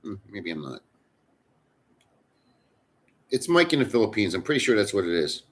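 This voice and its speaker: A man's voice: fairly low pitch, very animated, quick pace. A middle-aged man chatting casually with live viewers, rambling and blunt, with frequent cursing. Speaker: livestream host. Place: in the Philippines.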